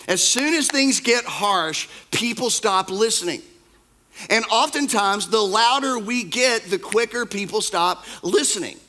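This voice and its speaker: Male pastor, high bright voice, emphatic sermon delivery with lots of repetition. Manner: emphatic, repeats key phrases; swings between soft asides and loud outbursts. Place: church.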